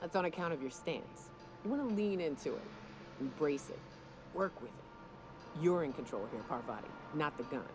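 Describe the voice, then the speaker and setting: A woman's voice: deep voice, animated, moderate pace, music in the background. A woman voicing a tough gunslinger in a video game, coaching a nervous shooter in a firm way. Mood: instructive.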